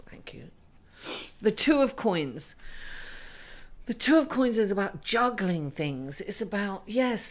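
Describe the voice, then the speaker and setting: Earnest woman giving a spiritual tarot reading. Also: lowish voice. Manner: earnest, gets tearful and laughs through tears. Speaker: astrology and tarot reader. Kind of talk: casual spiritual talk to viewers.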